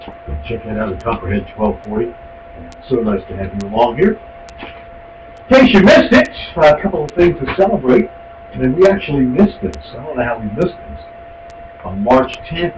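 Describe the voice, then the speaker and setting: A man's voice: mid-range voice, big pitch swings, fairly quick. A male radio talk show host delivering an angry, mocking monologue and hurling insults at his targets. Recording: echoey, distant, with hum.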